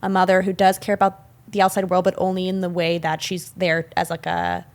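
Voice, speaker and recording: A young woman co-hosting a film podcast, retelling scenes in a chatty, animated way with many fillers. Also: on the low side, a little fast, creaky. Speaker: podcast co-host. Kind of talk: casual film discussion.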